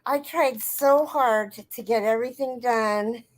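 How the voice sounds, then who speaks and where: Slow-talking woman hosting a crochet livestream. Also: fairly high pitch. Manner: chatty, greets viewers by name in a sing-song lift. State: out of breath. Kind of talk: casual livestream chat greeting viewers.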